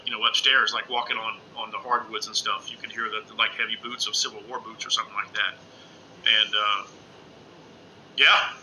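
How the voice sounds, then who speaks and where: Bright, rambling man on a livestream. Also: mid-range voice, slight background noise, poor audio. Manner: rambling, excitable, lots of "man" and "uh". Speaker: ghost-hunting live streamer. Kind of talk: casual live-stream chat with viewers. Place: indoors at home under a lamp.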